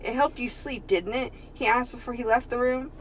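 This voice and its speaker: A woman's voice: a little high, moderate pace, a little hiss or hum, poor audio. A woman co-hosting a comedy podcast, chatting casually and giggling while she reads a story aloud. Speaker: podcast co-host. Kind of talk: casual comedic chat and fanfiction reading.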